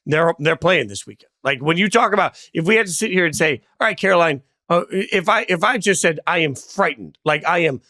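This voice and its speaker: A man's voice: on the high side, animated, fairly quick, hardly any pauses, bright, forceful tone, no echo, clean studio sound. A man co-hosting a sports show, debating emphatically and repeating phrases as he makes his points.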